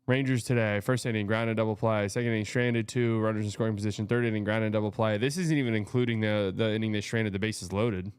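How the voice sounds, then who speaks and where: A man hosting a live watch party, reacting excitably to plays and chatting between them. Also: lowish voice, fast talker, few pauses, clear, resonant tone, no room sound. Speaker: show host.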